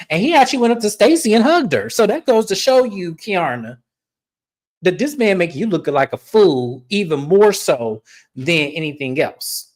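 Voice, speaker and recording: Woman recapping a reality show, blunt, swears a lot, middle pitch, just chatting. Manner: blunt, opinionated, swears freely. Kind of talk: casual recap commentary.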